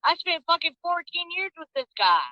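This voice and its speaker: A woman's voice: extremely high pitch, sing-song, moderate pace, dry recording. A woman and mother talking defensively and swearing a lot, over dull lo-fi call audio. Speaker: mother of a missing girl.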